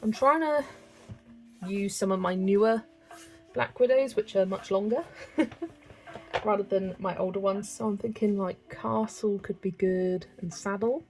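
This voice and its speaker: A woman hosts a colouring livestream, chatting casually, thinking aloud as she picks colours and reading chat messages. Her voice is medium-pitched at a measured pace, with faint music behind her.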